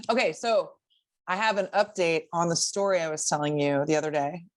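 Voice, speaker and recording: A woman co-hosting a podcast, telling a story in casual chat, animated and swearing, often breaking into laughs. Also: lowish voice, normal speed. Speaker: podcast co-host.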